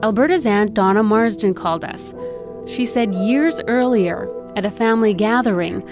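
A woman, an investigative reporter, narrating a documentary podcast in a measured, serious tone. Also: mid-range voice, over music.

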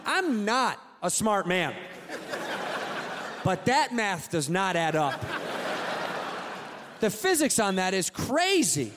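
A man in his late thirties doing a stand-up comedy set, ranting in an exasperated way and swinging loud. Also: high voice, big pitch swings, slow pace, pauses often, noisy background. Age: 30s. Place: theater stage with audience.

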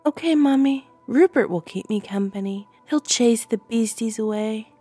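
A woman voicing an eager little girl at bedtime, in a high childlike voice, in a storybook reading. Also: moderate pace, warm tone, breathy edge, faint music behind.

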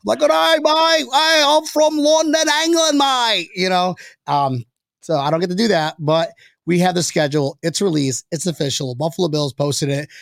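A man hosting a casual sports podcast, excitable and rambling, laughing often between thoughts. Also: a little high, vocal fry, no echo, studio quality. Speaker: podcast host.

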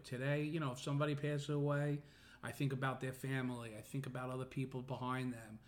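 A man's voice: medium pitch, flat delivery, brisk. A middle-aged man hosting a podcast, talking earnestly in a casual personal monologue full of fillers and restarts. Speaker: podcast host.

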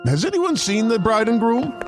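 A solemn wedding officiant. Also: male voice, very high voice, very animated, normal speed. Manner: solemn, ceremonial delivery. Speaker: ad actor. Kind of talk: radio ad acting. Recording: ad with loud music behind.

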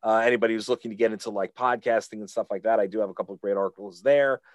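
A man's voice: fairly low pitch, fairly even intonation, very fast, dry recording. A man, a podcast guest, telling a casual story full of fillers and restarts. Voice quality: rambling with many fillers.

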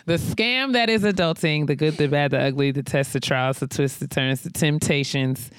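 A woman's voice: deep voice, moderate pace, smooth, no echo. A woman hosts a podcast in loose, dramatic chat, wry and exasperated. The recording is dry, with no room sound. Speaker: podcast host. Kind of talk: casual chat.

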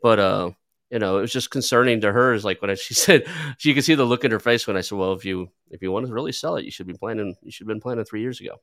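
A man with a very low voice talks casually, drifting through anecdotes with frequent fillers and restarts. The sound is dry and close. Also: fast, fairly bright tone, no room sound. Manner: rambling, storytelling with filler words. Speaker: podcast host who buys businesses. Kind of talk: casual conversational interview.

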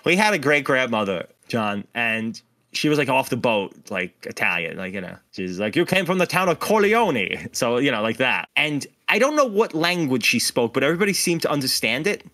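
A man co-hosting a podcast, chatting casually in a jokey, animated way and swearing freely. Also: medium pitch, normal speed. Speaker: podcast co-host. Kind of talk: casual chat.

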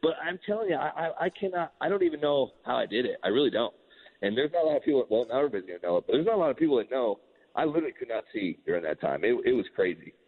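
A middle-aged man, a former relief pitcher, telling a story in a casual interview and acting out the quoted dialogue as he goes. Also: very animated, rapid-fire, husky. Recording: tinny phone-line sound.

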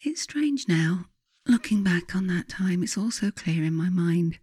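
A woman author reading her own memoir aloud in a measured, reflective way. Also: lowish voice, steady tone, warm tone, slightly rough, no echo. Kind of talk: memoir audiobook narration.

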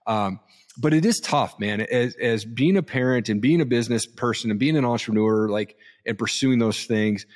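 A man in his thirties speaks as an earnest, reflective guest in a relaxed interview. He has a middle-pitched voice and a plain, open delivery, and he keeps peppering his sentences with "man". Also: normal speed. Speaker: podcast guest, entrepreneur. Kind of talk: casual interview chat.

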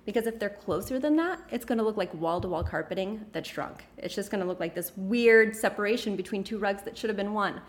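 Woman podcast host, chatty and playful, middle pitch, gives home design advice. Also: fairly quick, few pauses. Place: office.

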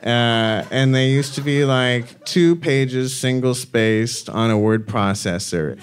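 Man, thirties, slow, rambling, laughing, casual chat. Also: mid-range voice, slight background noise. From Arizona. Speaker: guest.

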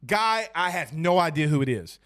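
A man with a high voice hosts a casual sports podcast. He talks with animation and jokes as he speaks straight to his listeners. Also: big pitch swings, normal speed, fairly bright tone.

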